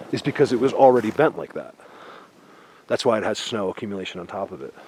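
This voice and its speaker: A man's voice: fairly low pitch, animated, fast talker, a little mellow, slight background noise. A man vlogging on foot in a snowy forest, talking insistently and a bit grumpily, out of breath at times. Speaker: Bigfoot researcher vlogger. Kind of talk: casual outdoor vlog talk.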